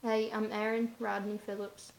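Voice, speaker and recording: A woman with a gravelly, creaky voice that stays flat in pitch, talking straight to camera in a casual vlog. She rambles offhandedly in loose run-on asides. The room around her sounds roomy and echoey. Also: moderate pace.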